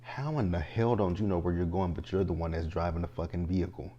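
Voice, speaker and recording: Low, husky-voiced man recapping a show. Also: quick pace, lo-fi sound. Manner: animated, exasperated, talks straight to the characters. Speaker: TV show reviewer. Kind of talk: casual recap monologue.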